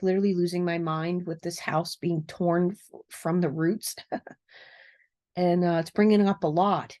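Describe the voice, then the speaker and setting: Earnest, rambling woman vlogging at home. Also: on the low side. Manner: rambling and earnest, with frequent fillers and soft laughs. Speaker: narcissism recovery coach. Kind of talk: casual talking-to-camera vlog. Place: cluttered room at home.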